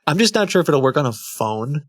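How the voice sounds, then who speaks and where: A man's voice: a little high, sing-song, fairly quick, no room sound. A man hosting a stream, chatting casually in a rambling, self-interrupting way and laughing at himself. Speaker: streamer host. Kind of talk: casual chat.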